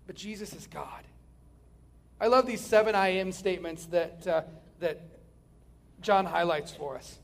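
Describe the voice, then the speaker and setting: A male preacher with a high, gravelly voice delivering a sermon. He is dynamic, pushing hard on key phrases and then dropping to a hush. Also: lively intonation, moderate pace, long pauses. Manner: dynamic, swings from loud emphasis to hushed near-whispers.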